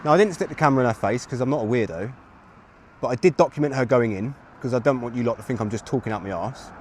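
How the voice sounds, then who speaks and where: A man's voice: medium pitch, fast talker. A man in his thirties, livestreaming outdoors to his chat, rambling and chatty as he talks on a phone mic. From England. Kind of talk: live street streaming to chat. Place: outdoors on a street with traffic. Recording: street traffic noise behind.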